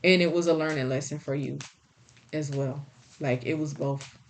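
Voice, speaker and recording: A woman's voice: low-pitched, steady tone, normal speed, slight background noise. A woman giving a spiritual tarot reading in a blunt, folksy, scolding way. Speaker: tarot reader.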